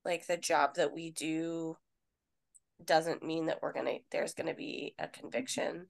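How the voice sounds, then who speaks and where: A woman's voice: deep voice, a little slow, creaky. A woman. She co-hosts a podcast as a nurse and talks casually, acting out conversations and swearing now and then. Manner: animated storyteller, quotes people, swears casually.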